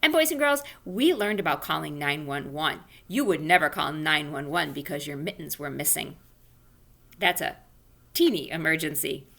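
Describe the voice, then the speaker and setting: A woman teaching an online class for young children from home, animated and sing-song, speaking slowly and carefully. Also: low voice, creaky. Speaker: elementary school teacher. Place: home room.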